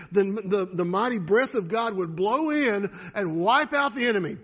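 Husky, high-voiced preacher man. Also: lively intonation, unhurried, hardly any pauses. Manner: dramatic, swings between loud and hushed. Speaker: pastor. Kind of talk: sermon.

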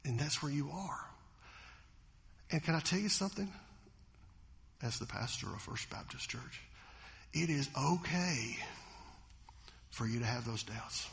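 In a church sanctuary, a pastor preaches to his congregation with a mid-range, gravelly voice, speaking unhurriedly with long pauses that carry through a large hall. He's animated, acting out quoted voices and putting questions to the people.

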